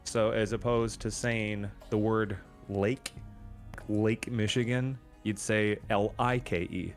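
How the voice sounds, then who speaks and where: A man's voice: on the low side, steady tone, slow, soft background music. A man co-hosting a casual podcast, explaining hesitantly with many fillers. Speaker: podcast co-host. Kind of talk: casual chat.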